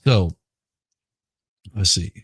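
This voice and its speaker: A middle-aged man with a Southern accent, hoarse right now, chatting casually and rambling on a livestream. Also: a bit bright, no room sound. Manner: rambling, halting, repeats words. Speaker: livestream host. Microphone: headphones with mic.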